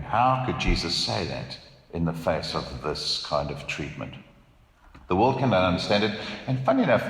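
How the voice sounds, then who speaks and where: A pastor preaching a sermon in a church, earnest and emphatic, asking rhetorical questions. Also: male voice, sits low, fairly bright tone, roomy sound, big-room sound.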